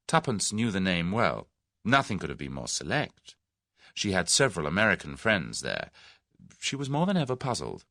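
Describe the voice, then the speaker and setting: A man narrating a classic mystery novel in a measured, expressive way. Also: low voice, no echo, studio quality. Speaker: audiobook narrator. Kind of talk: scripted narration.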